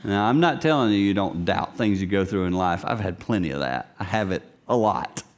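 A middle-aged pastor preaches animatedly to his congregation in a deep voice, a little fast. He swings between loud lines and hushed whispers and acts out voices.

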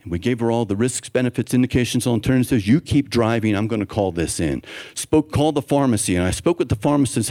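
Brief: male doctor, church talk, lively storyteller who acts out the voices he quotes. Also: mid-range voice, a little fast. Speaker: physician speaking at a church event.

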